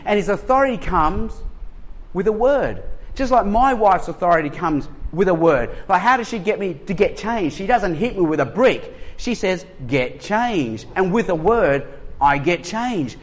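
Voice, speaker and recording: An Australian man in his forties preaching a sermon as pastor, lively and humorous, with joking asides and acted-out quotes. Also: high voice, moderate pace. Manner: animated, humorous storytelling.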